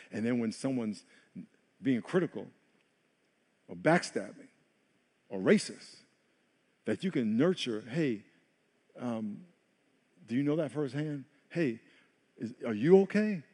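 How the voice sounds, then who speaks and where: A man's voice: mid-range voice, darkish tone. A man preaching a sermon as pastor, emphatic and repeating words for stress. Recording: long hall reverb.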